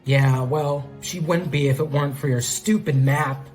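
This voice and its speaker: A man voicing a deadpan, earnest male cactus bandit. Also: mid-range voice, moderate pace, faint music behind, close to an everyday voice.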